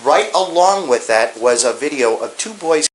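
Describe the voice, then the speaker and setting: A man's voice: a little high, animated, moderate pace, poor audio. A male police investigator questioning a suspect in a blunt, firm way, recorded on a bodycam. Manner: blunt, firm, repeats commands. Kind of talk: bodycam interrogation. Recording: bodycam with clear noise.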